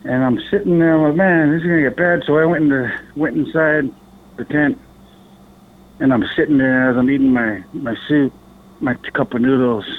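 Heard through a thin, phone-like connection, a man from Alaska speaks at a moderate pace in a medium-pitched voice. As a podcast guest he tells a meandering story, lively and casual, swearing now and then and voicing other people's lines.

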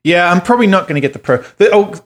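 A man's voice: high voice, expressive, rapid-fire. Chatty swearing podcast co-host man. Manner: chatty, swears casually, explains at length. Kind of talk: casual chat.

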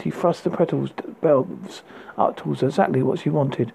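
A man's voice: medium pitch, gravelly, warm tone, husky, poor audio. A man reading a fairy tale excerpt aloud, stumbling and restarting now and then. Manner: halting read with restarts. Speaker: audiobook narrator.

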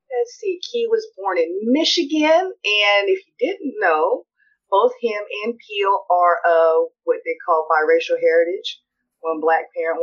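A woman co-hosting a podcast, talking things over slowly and thoughtfully, pausing to find her words. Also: medium pitch. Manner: unhurried, thoughtful, halting. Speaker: podcast co-host. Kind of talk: casual chat. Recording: muffled lo-fi audio.

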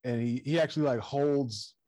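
A man's voice: mid-range voice, normal speed, dark tone, no echo, clean studio sound. A man in casual chat, animatedly retelling a story, acting out quotes and swearing freely between laughs.

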